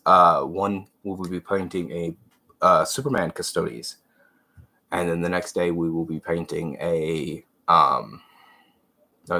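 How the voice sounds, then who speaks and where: A man's voice: low voice, sharp tone. A man with a congested voice hosting a livestream, rambling and muttering as he paints miniatures. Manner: rambling, trailing off and muttering while working. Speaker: livestream host. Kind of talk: casual commentary while painting miniatures.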